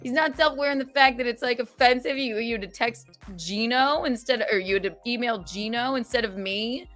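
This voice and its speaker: Sarcastic, animated woman host on a livestream. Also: fairly quick, soft background music. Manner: sarcastic, animated, swears freely, swings from loud outbursts to low mutters. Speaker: streamer and podcast host. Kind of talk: casual livestream chat, reading super chats.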